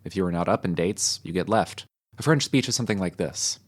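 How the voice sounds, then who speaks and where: Man, reader, lowish voice, measured, reading old essays aloud. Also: expressive. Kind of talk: reading historical texts aloud.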